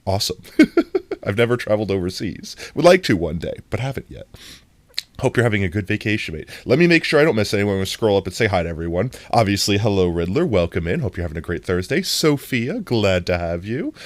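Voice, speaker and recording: Giggly live-stream host, pitch leaping all over, dry close sound, excitable, greets chat by name, jokey. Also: quick pace, dry recording. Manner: giggly, breaks into long laughing fits; playful, jokey self-talk. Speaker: livestream host.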